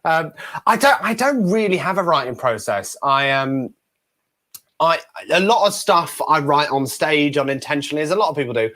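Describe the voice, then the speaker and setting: A man's voice: a little high, lively intonation, moderate pace, pushed and bright. A young English man, a ventriloquist guest, telling stories in a chatty, self-deprecating way. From England. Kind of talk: casual interview chat.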